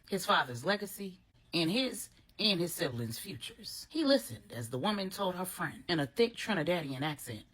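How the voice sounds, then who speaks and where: A woman narrating a grown-up bedtime story in a steady, expressive read. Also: on the low side, slightly rough.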